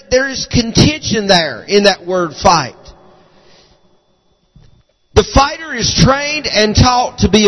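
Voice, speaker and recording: A man preaches a fervent sermon. He restarts his sentences often and circles back on repeated words. His voice rings out with the long reverb of a church sanctuary. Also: high voice. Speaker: pastor. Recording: long reverb of a large hall.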